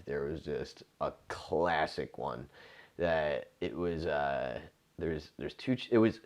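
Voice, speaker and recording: Low-voiced man telling a comedy story. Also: darkish tone, highs cut off. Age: 40s. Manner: loose, profane, rambling with many restarts. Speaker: comedian and podcast host. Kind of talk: casual storytelling monologue.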